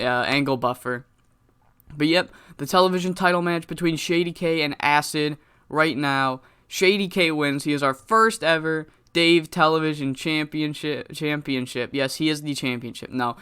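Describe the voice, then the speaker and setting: A man giving laid-back commentary over a video game playthrough. His voice sits a touch high and sounds bright and smooth. He rambles, swears casually and corrects himself mid-sentence. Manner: rambling, profane, self-correcting.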